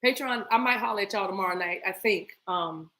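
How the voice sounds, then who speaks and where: Brief: playful woman spiritual reader, bright and forceful tone, casual chat with viewers. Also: mid-range voice, brisk. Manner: animated, breaks into bursts of speaking in tongues; playful, laughs often, talks to viewers as y'all. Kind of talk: casual spiritual reading session.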